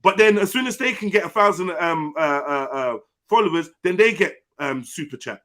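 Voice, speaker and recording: A man hosts a heated online panel chat, blunt and full of slang and swearing. His voice sits noticeably high for a man. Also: animated, normal speed, a bit bright. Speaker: panel host.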